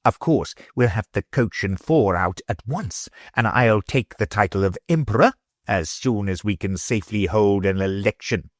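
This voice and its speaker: A man's voice: fairly low pitch, expressive, moderate pace, dry recording, clean studio sound, lightly acted. A man voicing a scheming, uneasy middle-aged ruler who plots a conspiracy. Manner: sly and uneasy.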